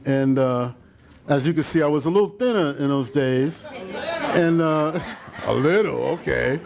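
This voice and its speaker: A man's voice: fairly high pitch, a little slow, creaky, crowd noise. An older man, a photographer, rambling through stories about his photos for a live audience, with many fillers and asides. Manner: acts out quotes in other voices. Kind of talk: casual slideshow talk to an audience.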